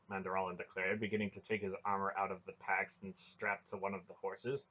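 Husky man reading a fantasy novel. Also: low voice, little pitch movement, fairly quick, few pauses, pushed and bright. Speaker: audiobook reader. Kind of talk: storybook narration. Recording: dull lo-fi recording.

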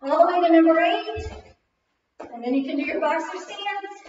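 A woman's voice: very high voice, normal speed, slight background noise. A female fitness instructor leading a kickboxing class, counting reps and calling moves while working out, a little out of breath. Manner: energetic counting and cueing while exercising. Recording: very echoey distant lo-fi recording.

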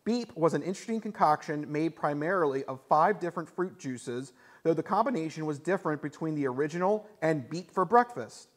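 A man hosting a charity game show stream, upbeat and quick to laugh. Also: a little high, lively intonation.

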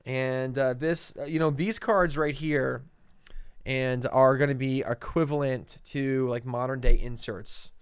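A man's voice: mid-range voice, fairly even intonation, a little slow, smooth, no echo, clean studio sound. A man co-hosting a card-collecting show, chatting casually and naming cards as he opens packs. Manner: easygoing, lots of fillers, names cards aloud. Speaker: co-host opening card packs. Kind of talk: casual chat.

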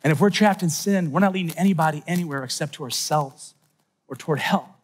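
A middle-aged man giving an animated faith talk at a youth conference, telling stories with sudden shouts and soft asides. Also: a little high, fast, breathy edge. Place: large conference hall.

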